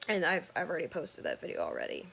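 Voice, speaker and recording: A woman's voice: low voice, wildly swooping pitch, fast, vocal fry, fairly bright tone, a little hiss or hum. A woman earnestly recounting a personal story in casual, rambling talk that often corrects itself mid-sentence.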